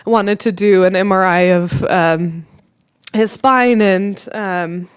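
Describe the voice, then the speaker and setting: A woman at a conference panel shares her child's story while fighting back tears. Her voice sits at a middle pitch. She speaks haltingly, full of pauses, fillers and restarted phrases. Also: steady tone, clear, resonant tone. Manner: halting, many fillers and restarts, self-deprecating. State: emotional, near tears. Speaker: parent panelist.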